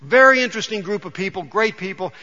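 A male pastor preaching a sermon in a conversational, storytelling way, often dropping soft and quiet. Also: high-pitched, lively intonation, fast. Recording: dull sound with long hall reverb.

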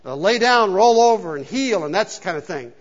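A preacher doing a skeptical nitpicking deacon. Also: male voice, lively intonation, normal speed. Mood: doubting. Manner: doubting, nitpicking, louder and higher. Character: skeptical grown male church deacon. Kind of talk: acted joke quote within a sermon. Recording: dull sound with long hall reverb.

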